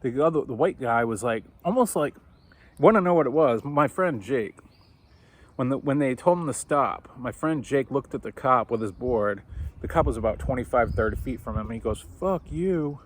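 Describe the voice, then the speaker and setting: A man's voice: mid-range voice, moderate pace. Man telling a story casually, swearing. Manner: animated, swearing, acts out quoted voices.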